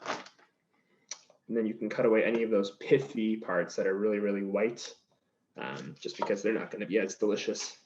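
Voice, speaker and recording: A man with a voice on the low side speaks at a moderate pace, explaining each step of a cooking demonstration in a chatty, easygoing manner while chopping vegetables in a kitchen. The audio is slightly dull with faint noise.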